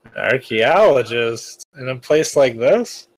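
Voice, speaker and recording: A man playing a tabletop game, speaking hesitantly with pauses. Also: medium pitch, animated, poor audio. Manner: hesitant, halting speech. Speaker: player. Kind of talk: casual tabletop play.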